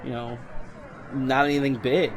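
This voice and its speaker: A man's voice: mid-range voice, flat delivery, slight background noise. A man co-hosting a podcast in casual chat, laughing often and restarting sentences. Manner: laughs easily, halting restarts. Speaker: podcast co-host.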